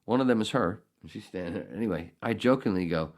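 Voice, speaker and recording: A middle-aged man hosting a podcast, telling a story in a casual, profane, animated way with bursts of outrage. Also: lowish voice, fast talker, hardly any pauses. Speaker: podcast host.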